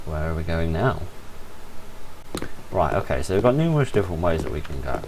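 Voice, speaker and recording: A man's voice: sits low, animated, moderate pace, pauses often, background noise. A tired man giving rambling, apologetic gameplay commentary and reading in-game notes aloud. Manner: rambling, self-interrupting, apologetic. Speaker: gamer playing a horror game.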